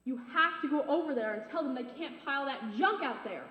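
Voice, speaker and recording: A woman's voice: high voice, expressive, brisk, dull audio. A woman playing a bossy, dramatic, easily outraged neighbor in a church stage comedy, scolding everyone around her in a theatrical way, recorded from a distance in an echoey hall. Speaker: stage actor. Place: high school theater stage.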